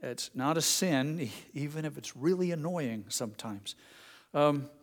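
A middle-aged man preaching in an earnest, storytelling manner, his voice sitting a bit higher than most men's. The sound carries the long reverb of a big hall, like a church sanctuary. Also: lively intonation, a little slow. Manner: storytelling, earnest, with Bible readings. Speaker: pastor. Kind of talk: sermon.

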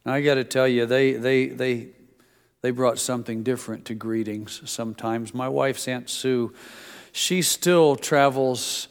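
A middle-aged male pastor giving a sermon, with folksy stories in a conversational preaching manner. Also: medium pitch. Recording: long reverb of a church hall.

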